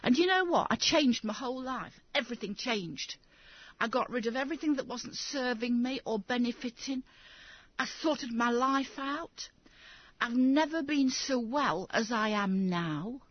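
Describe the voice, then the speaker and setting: Middle-aged English woman, interview guest, husky voice, emphatic storyteller, dry lo-fi sound. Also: fairly high pitch, lively intonation, unhurried, no room sound. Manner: emphatic, acts out others' lines when quoting. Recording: dull lo-fi recording.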